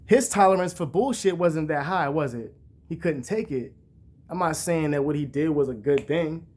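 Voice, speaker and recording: Young guy ranting casual to camera, cussing a lot, kinda high voice, animated stories. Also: moderate pace. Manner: profane, rambling, animated storytelling. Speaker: vlogger.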